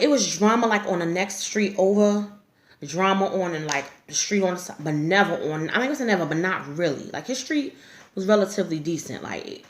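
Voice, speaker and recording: A woman vlogger tells a story straight to camera, blunt and salty, breaking into laughter. Her pitch swings widely as she talks. The room around her rings with echo. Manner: frank, profane, laughs often while telling. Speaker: YouTube storyteller. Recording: echoey room.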